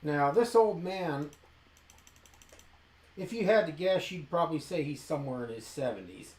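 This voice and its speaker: A man's voice: on the high side, animated, darkish tone. Man narrating in an echoey room. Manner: descriptive, measured narration. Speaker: game master. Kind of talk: tabletop role-play narration.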